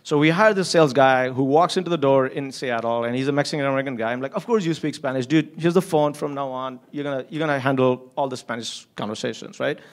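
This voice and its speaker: A man at a middle pitch talking shop in a casual interview. He is blunt and unfiltered, swears freely, and trips over his own restarts as he rushes into the next story. Little chuckles keep breaking through. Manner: candid, profane, rambling with many restarts. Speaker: company founder and CEO.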